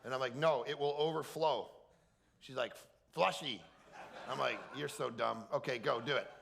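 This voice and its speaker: A middle-aged man, a pastor, giving an energetic, joking sermon and acting out funny quotes in a higher voice. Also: normal speed, creaky. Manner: animated, jokey storyteller acting out quotes in a high voice. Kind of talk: energetic comic preaching. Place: large hall at a camp.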